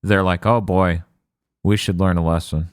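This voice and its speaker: A man co-hosting a casual podcast, recapping an episode with sardonic asides and quick put-on character lines. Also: low voice, fairly even intonation, clear, resonant tone, dry recording, studio quality.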